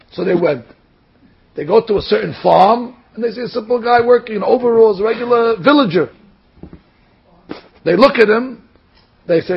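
A man preaching a sermon through a parable, telling the story with fillers and an animated manner. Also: high-pitched, moderate pace, vocal fry, long pauses, breathy edge. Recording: dull lo-fi recording.

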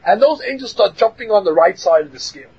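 A man with a high, very husky voice teaches a religious class as a storyteller, jumping into voices and shouting lines for effect. The recording is muffled and lo-fi. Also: fast talker. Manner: animated, acts out voices and shouts for emphasis.

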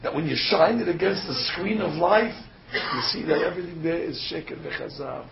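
A rabbi's gravelly, slightly high voice moves at an ordinary speed through a sermon laced with a story. Emphatic and fond of rhetorical questions, he stumbles on fillers from time to time. There is a little hiss or hum in the dull, lo-fi recording, along with faint ambience.

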